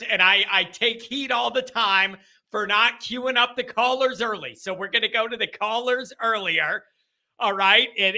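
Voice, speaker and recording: A male host of a sports call-in show, talking in an excited, emphatic way. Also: high-pitched. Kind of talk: fan radio call-in chat.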